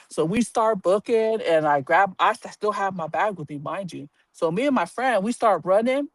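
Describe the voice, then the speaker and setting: Man, live personal storytelling, animated, blunt, casual swearing, dry sound. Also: sits high, normal speed, few pauses, dry recording. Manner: animated, acts out quoted voices, laughs while telling.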